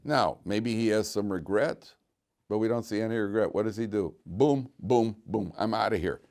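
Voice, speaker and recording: A man's voice: on the low side, a little fast. A man, a rabbi, giving an informal lesson to students in a classroom, talking conversationally, telling stories and restarting phrases as he thinks. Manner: conversational, animated, repeats words when thinking. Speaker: rabbi teaching a weekly class. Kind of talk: informal Torah lesson with storytelling.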